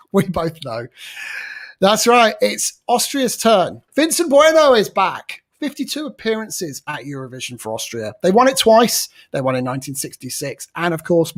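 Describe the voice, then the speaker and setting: A man hosting a panel show, playful and upbeat as he presents. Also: on the high side. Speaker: host.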